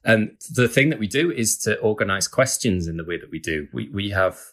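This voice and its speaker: A man's voice: fairly low pitch, lively intonation, a little fast, fairly bright tone. A man, a guest author, chatting casually and explaining things with frequent hedges and laughs. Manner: chatty, hedging with "kind of", laughs often.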